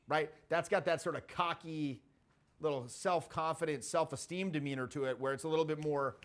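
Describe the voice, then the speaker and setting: A man's voice: fairly high pitch, brisk. A middle-aged man coaching social skills in a brash, profane way, acting out sample lines as he goes. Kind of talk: casual coaching talk.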